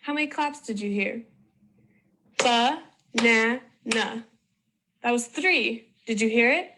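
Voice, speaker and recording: A woman presenting a children's phonics video in slow, clear, sing-song scripted narration. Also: fairly high pitch, noisy background.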